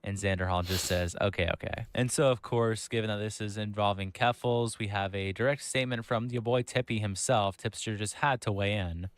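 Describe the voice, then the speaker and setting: Brief: male commentary narrator, low voice, dry close sound, sarcastic. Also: steady tone, a little fast, hardly any pauses, no echo. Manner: sarcastic, reads quotes aloud. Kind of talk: commentary reading out messages.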